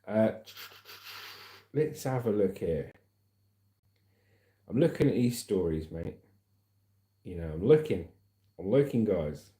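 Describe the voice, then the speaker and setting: Chatty southern english guy on a home livestream, lowish mellow voice, echoey room. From Aldershot, southern England. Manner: laid-back, chatty, calls viewers mate and brother. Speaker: livestream host. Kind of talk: casual livestream chat, reading out viewer comments. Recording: roomy echo.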